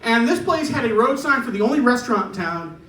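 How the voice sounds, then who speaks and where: A man's voice: very high-pitched, sing-song, fast, pushed and bright, roomy sound, far from the mic, low-quality recording. A man doing a stand-up set in a club, chatty and chuckling through his punchlines. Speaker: stand-up comedian. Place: comedy club stage.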